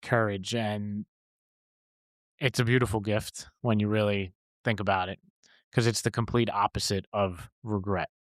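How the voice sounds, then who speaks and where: A man's voice: lowish voice, level tone, no echo, studio quality. Earnest man affirming on a podcast. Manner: measured, earnest, with many short affirmations. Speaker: podcast co-host. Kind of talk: casual podcast chat.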